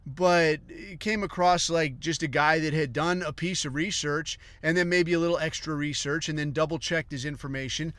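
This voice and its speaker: A man's voice: fairly high pitch, steady tone, normal speed, few pauses, a bit bright, dry recording. A man ranting on a podcast, rambling and profane, sometimes mocking other people in put-on voices. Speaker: podcast host.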